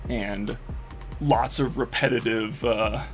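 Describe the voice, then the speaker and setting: A man streaming live and chatting casually while he plays a game, rambling excitedly with lots of swearing and fillers. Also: medium pitch, slow pace, soft background music.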